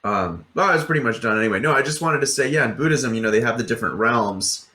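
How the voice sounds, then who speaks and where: Talking fast with lively intonation, a podcast co-host with a medium-pitched, sharp-toned voice chats casually. He rambles, leans on fillers, and swears casually.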